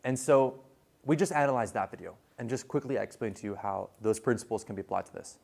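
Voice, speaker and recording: A man's voice: lowish voice, quick pace, vocal fry, a little mellow. A man giving a casual classroom lecture on viral video, chatty, with many fillers and restarts.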